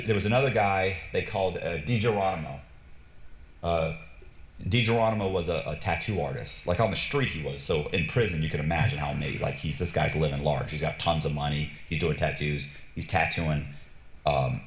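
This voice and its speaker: A man streaming a casual story, animated and blunt, swearing freely and acting out the dialogue. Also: a bass voice, normal speed, echoey room, a little hiss or hum. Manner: animated, acts out quoted dialogue, frequent restarts. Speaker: streamer telling stories.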